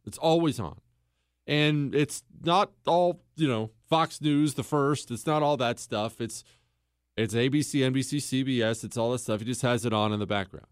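A man's voice: mid-range voice, moderate pace, clear, resonant tone, no room sound, studio quality. A man hosting a talk show monologue, telling a story in a conversational way and quizzing listeners with emphatic questions. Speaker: host.

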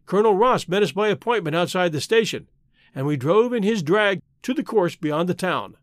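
A man narrating a classic story aloud, expressive and lively, with a fairly high voice that moves a lot. The recording is close and dry, with no room sound. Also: normal speed, no echo. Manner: expressive, voices each character. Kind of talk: storybook reading.

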